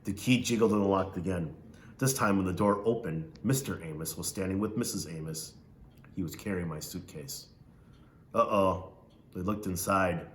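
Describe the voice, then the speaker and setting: A man's voice: low-pitched, echoey room. A man reading a novel aloud, stopping now and then to ask his listeners questions. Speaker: reader.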